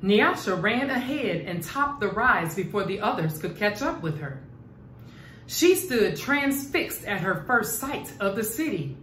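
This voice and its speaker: Slow, expressive woman reading a bedtime story. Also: mid-range voice, echoey room, slight background noise. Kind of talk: children's read-aloud storytelling.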